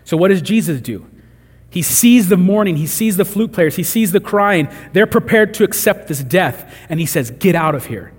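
A man's voice: high voice, expressive, moderate pace, husky, big-room sound. A man preaching a sermon in a conversational way, acting out the voices he quotes. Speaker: pastor.

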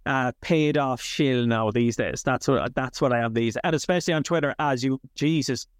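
Chatty Irish comedian, dry close sound. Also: male voice, mid-range voice, normal speed, no echo. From Ireland. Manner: rambling, animated, swears freely. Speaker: comedian guest. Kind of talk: casual interview chat.

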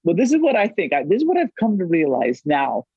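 A man's voice: on the high side, wildly swooping pitch, a little fast, a little hiss or hum. A man in his forties, a podcast guest, telling loose, rambling stories with lots of "like" and free swearing. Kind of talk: casual storytelling chat. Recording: dull, dry lo-fi audio.

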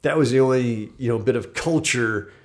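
A man's voice: medium pitch, moderate pace. Rambling man in casual chat. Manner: rambling, swears, many fillers.

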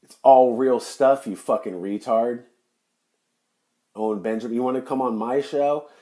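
A man's voice: mid-range voice, measured pace, dark tone. A man hosting his own podcast, delivering an angry, profane, mocking rant straight to the listener. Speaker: podcast host.

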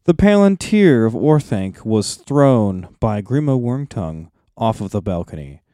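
Podcast guy explaining stuff eagerly, pitch all over, dark dry voice. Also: sing-song, unhurried, no room sound. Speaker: podcast co-host. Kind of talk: casual chat.

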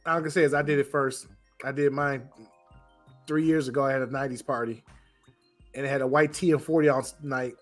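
A man's voice: mid-range voice, fairly even intonation, a little fast, long pauses, faint music behind. A man hosting a podcast, teasing his co-hosts in casual chat and laughing often. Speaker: podcast host.

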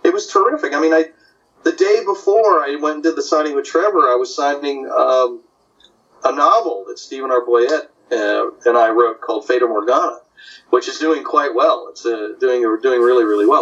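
Older man, animated storyteller, distant dull sound. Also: medium pitch, moderate pace. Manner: animated, puts on voices in anecdotes. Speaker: comic artist guest. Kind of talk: casual storytelling.

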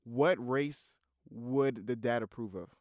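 A young man hosting a casual comedy podcast, playful and quick to laugh. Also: medium pitch, a little mellow, no echo, clean studio sound. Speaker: podcast host.

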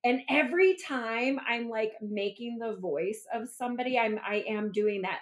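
A woman hosting a podcast, chatting casually and responding warmly to her guest. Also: on the high side, normal speed, few pauses. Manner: enthusiastic, affirming. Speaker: podcast host.

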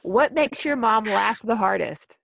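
A woman hosting an interview, reacting with enthusiasm and asking quick questions. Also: medium pitch, animated, gravelly, a bit bright, dry recording. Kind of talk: upbeat interview.

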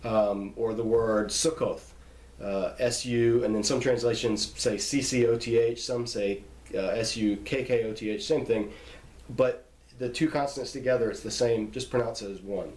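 A man's voice: medium pitch, fairly even intonation, moderate pace, darkish tone. Man, Bible teacher, informal lecture, patient, repeats himself, spells words out, echoey room.

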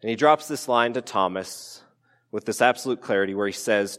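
A man's voice: lowish voice, brisk, a bit bright. A man preaching a sermon as a pastor in a casual, conversational way, with playful asides and acted-out quotes. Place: church sanctuary. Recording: church hall with long reverb.

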